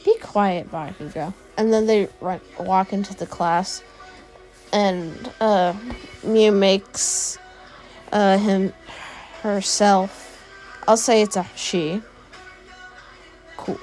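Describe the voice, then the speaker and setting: A woman's voice: medium pitch, fairly even intonation, drawn-out words, long pauses, darkish tone, faint music behind. A woman narrating an improvised fan story, rambling with fillers and self-corrections.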